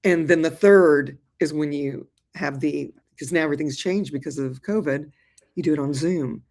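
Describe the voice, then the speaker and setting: Older lady guest, chatty and animated, kinda low voice, says y'all a lot. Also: moderate pace. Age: 60s. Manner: animated, colloquial, addresses listeners as y'all. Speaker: guest, actor and therapist. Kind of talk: lively interview conversation.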